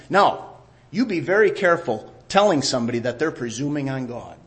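Middle-aged man, sermon, fairly high voice, emphatic, repeats his phrases. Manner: emphatic, repeats key phrases, drops to a quiet voice for asides. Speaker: preacher.

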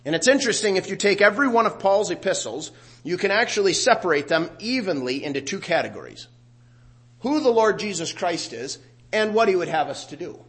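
A middle-aged pastor delivers a sermon with a slightly raised pitch. He talks it through conversationally, then climbs in volume and intensity whenever he quotes scripture. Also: brisk. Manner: animated preaching, rising loud on scripture quotes.

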